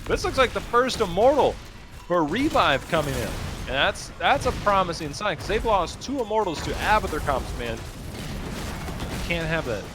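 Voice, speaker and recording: A man's voice: high voice, big pitch swings, moderate pace, over music. A man giving casual esports color commentary in folksy slang, laid-back and bantering.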